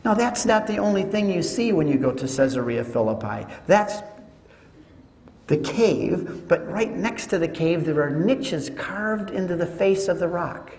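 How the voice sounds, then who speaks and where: A man giving a teaching talk to an audience, telling it as an animated story with joking asides. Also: high voice, measured pace. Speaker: Catholic speaker. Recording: echoey hall with long reverb.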